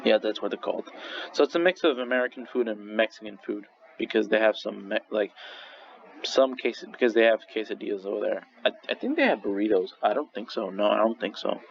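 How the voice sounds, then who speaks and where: A man's voice: fairly low pitch, lively intonation, a little fast, creaky. A young man casually ranking restaurants in a rambling, swearing vlog monologue full of restarts. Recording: slightly dull lo-fi recording with faint noise.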